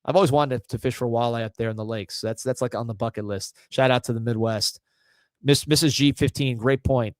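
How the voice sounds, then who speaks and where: A man's voice: medium pitch, fairly even intonation, fairly quick, no echo. A man hosting a live fan sports show, talking casually and with energy, reading viewer comments aloud. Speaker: host of a fan sports livestream.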